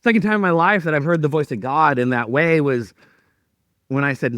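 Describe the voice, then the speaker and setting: A male pastor telling a personal story in a sermon, animated and self-mocking as he acts out his own thoughts. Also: fairly high pitch, fairly quick, no echo, studio quality.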